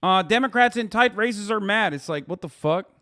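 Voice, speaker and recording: A man's voice: high-pitched, expressive, normal speed, bright, forceful tone. A man hosting a live stream, reacting to news in a profane, ranting, incredulous way. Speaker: political streamer host. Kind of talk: casual live-stream commentary.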